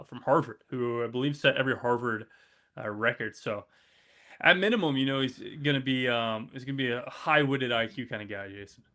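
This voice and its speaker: A man guest on a sports betting show, talking through his college football picks in a halting, offhand way. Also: medium pitch, pushed and bright. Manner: halting, lots of fillers and restarts, offhand. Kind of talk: casual sports betting chat.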